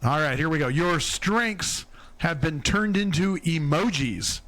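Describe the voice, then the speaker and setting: Higher-voiced man co-hosting a podcast. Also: lively intonation, unhurried, no echo. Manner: warm-hearted, self-deprecating, stammering restarts. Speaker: podcast co-host. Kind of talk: casual chat.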